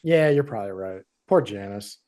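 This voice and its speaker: A man hosting a podcast, retelling an episode in a casual, animated way and acting out the characters' lines in quick little voices. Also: fairly low pitch. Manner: animated storyteller who acts out character lines. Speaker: podcast host. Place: studio.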